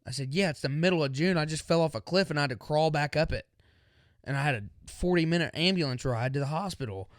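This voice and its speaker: A young man on a podcast, casually telling a story and slipping into the voices of its characters. His voice sits a little high. The sound is dry and close, with no room around it. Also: quick pace, dry recording. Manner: animated storyteller acting out quotes. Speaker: podcast co-host.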